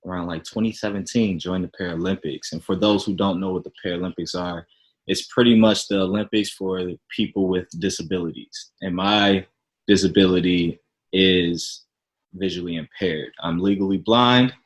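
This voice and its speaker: A man from Chicago, a podcast guest, telling his story in a relaxed, humble, easygoing way. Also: low-pitched, moderate pace, rough recording. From Chicago, Illinois. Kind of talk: casual interview chat.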